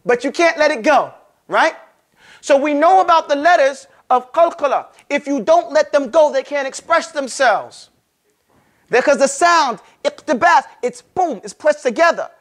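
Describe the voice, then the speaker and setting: A man teaching a Quran recitation class, casually explaining sounds and drilling them by stretching and repeating each one slowly. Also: very high voice, animated, a bit bright. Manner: casual, conversational teaching with frequent check-ins. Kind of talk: classroom lesson.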